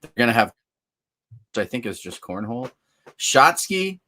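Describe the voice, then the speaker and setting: Jokey lower-voiced male co-host. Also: fairly quick, fairly bright tone. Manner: jokey, laughs while reading event details. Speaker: podcast co-host. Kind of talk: casual sports podcast chat.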